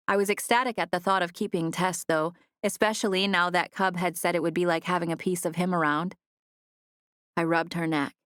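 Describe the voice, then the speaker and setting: Woman narrator, low voice, measured first-person storytelling, close dry studio sound. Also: fairly bright tone, smooth, no room sound. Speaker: audiobook narrator. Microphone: close studio mic.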